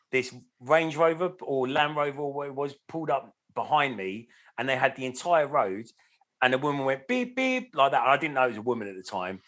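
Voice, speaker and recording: A man rambles through a story in easygoing podcast banter. He talks at an everyday pitch and curses freely, stopping and restarting as he goes. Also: fairly bright tone. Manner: rambling storyteller with lots of fillers and swearing. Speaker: podcast co-host. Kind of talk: casual chat.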